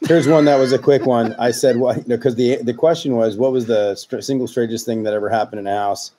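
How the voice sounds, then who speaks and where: A man co-hosting a podcast, reading out listener stories in a halting, laid-back way. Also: medium pitch, fairly even intonation, mellow. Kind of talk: casual chat and reading aloud.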